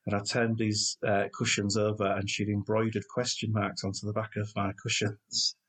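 A man who chats easily and tells anecdotes at a relaxed pace. His voice sits a little low. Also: normal speed. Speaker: podcast co-host. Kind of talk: casual chat.

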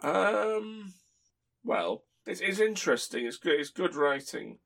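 A man's voice: high voice, big pitch swings, takes it slowly, gravelly, a bit bright. Rambling man chatting. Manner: rambling, chuckles while telling stories. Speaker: podcast host. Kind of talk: casual chat.

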